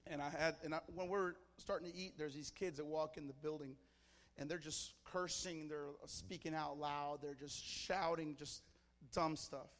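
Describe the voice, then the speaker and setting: A man's voice: on the high side, fairly even intonation, normal speed, a bit bright, in a large hall. A man from Mexico preaching to a church congregation, fervent and telling stories in short, punchy phrases. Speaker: pastor. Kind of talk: sermon. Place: church service.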